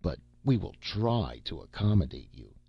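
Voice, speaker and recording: A man voicing a stern, deliberate male head clerk at the gates of heaven, speaking briskly and with questions. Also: sits low, big pitch swings, vocal fry, husky, dry recording, muffled recording, heavily acted.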